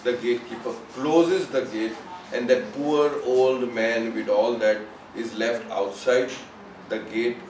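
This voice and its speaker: A man tells a parable in a loose, conversational way, leaning on "you know" as he goes. His voice sits at a middle pitch. He sounds some distance from the microphone in a reverberant room, with faint ambience underneath. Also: fairly even intonation, takes it slowly, a little mellow, a little hiss or hum. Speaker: storyteller at a spiritual gathering. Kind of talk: informal spoken parable.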